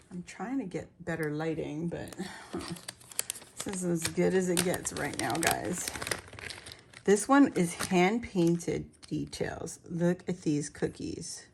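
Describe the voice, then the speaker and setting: A woman's voice: lowish voice, vocal fry, noisy background. A woman vlogger gushing over a craft haul in casual chat, a bit out of breath and laughing often.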